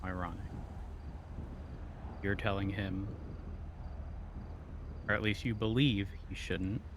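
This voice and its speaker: A man in a roleplay scene, speaking calmly and giving measured advice. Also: lowish voice, background noise. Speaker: roleplay character. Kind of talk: in-character roleplay chat.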